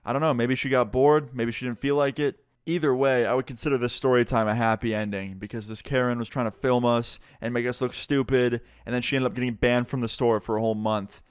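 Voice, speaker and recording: Young man telling a story, smooth voice. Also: mid-range voice, a little fast, hardly any pauses, no room sound, clean studio sound. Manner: animated, swears freely. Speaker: vlogger. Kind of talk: casual story time.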